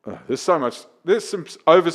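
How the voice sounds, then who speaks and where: Profane comedian telling stories. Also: male voice, on the high side, brisk. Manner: animated, profane anecdotes with acted-out quotes. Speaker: comedian and open mic host. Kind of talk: casual podcast storytelling.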